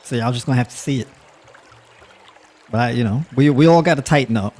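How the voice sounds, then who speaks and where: A man of middle pitch hosts a loose, chatty livestream. He talks straight to his audience, slips in easy laughs and lots of filler words as he rambles on. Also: brisk, a little mellow, slight background noise. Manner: addresses audience with y'all. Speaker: livestream host. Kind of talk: casual livestream talk to the chat.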